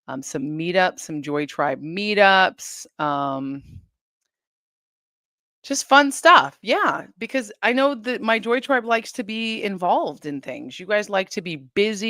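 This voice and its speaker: A woman's voice: fairly low pitch, fairly bright tone, dry recording, clean studio sound. A woman hosting a casual livestream from her home, chatting straight to viewers and reading their comments aloud. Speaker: livestream host.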